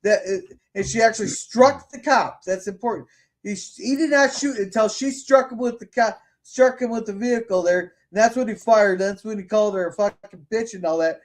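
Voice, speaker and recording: A man's voice: high-pitched, normal speed. A man hosting a casual podcast, talking bluntly with lots of swearing and stumbling restarts. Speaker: podcast host. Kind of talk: casual opinionated chat.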